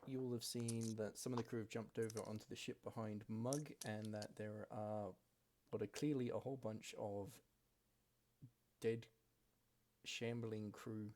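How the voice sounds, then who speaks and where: Low gravelly man running a tabletop game. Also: background noise. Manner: relaxed, matter-of-fact rulings with soft fillers. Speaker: game master. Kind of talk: narrating a tabletop game over a call.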